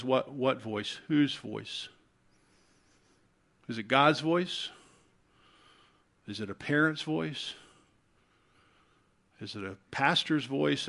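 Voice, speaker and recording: Here a man with a Southern US accent preaches as a pastor, using a mid-range voice. His delivery alternates between loud, urgent calls and quiet, hushed appeals.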